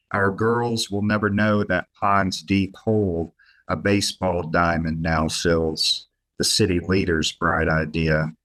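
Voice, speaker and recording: A middle-aged man, chatting on a podcast and reading his own poems aloud in an even, measured way. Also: sits low. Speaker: guest poet. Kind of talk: podcast chat and poetry reading.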